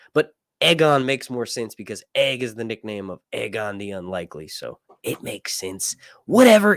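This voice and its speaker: A man hosting a live show, chatting casually through a reaction and analysis, rambling and excitable, swearing freely and laughing often. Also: lowish voice, no echo, clean studio sound. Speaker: livestream show host.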